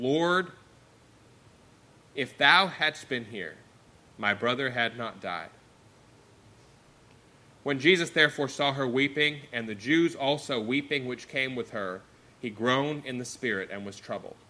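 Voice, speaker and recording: A man with a bright, forceful voice delivers a sermon. He reads scripture aloud and explains it with earnest conviction, swinging between strong emphasis and hushed, slowed readings. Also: medium pitch. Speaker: pastor.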